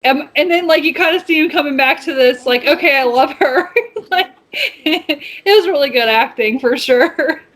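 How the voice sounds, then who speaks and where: A woman co-hosting a podcast, casually retelling scenes with quick asides. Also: high-pitched, lively intonation, fairly bright tone, rough recording. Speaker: podcast co-host. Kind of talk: casual chat.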